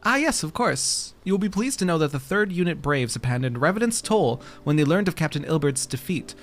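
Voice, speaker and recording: A man's voice: fairly high pitch, big pitch swings, fairly quick, soft background music. A man reading aloud the lines of a composed, polite female ninja informant in a fantasy game. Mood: calm.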